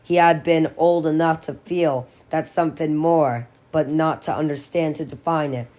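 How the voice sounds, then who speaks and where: Low voiced woman reading a horror book out loud, steady and expressive. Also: normal speed. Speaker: audiobook reader. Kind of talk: dramatic reading of a novel.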